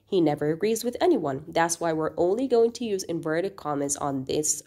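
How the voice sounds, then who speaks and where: A woman teaches a recorded grammar lesson, explaining patiently and often checking in with the class, and she performs quoted sentences in a lifted, acted-out voice. Her voice is deep, expressive, and warm, at a moderate pace.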